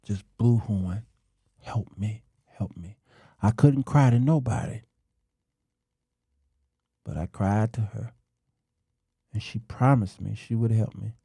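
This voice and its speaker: Man, middle-aged, talk show host, slow emphatic monologue, dark gravelly voice. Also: on the low side, no echo, clean studio sound. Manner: slow, emphatic, drawn-out delivery with dramatic pauses. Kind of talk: preachy monologue to men.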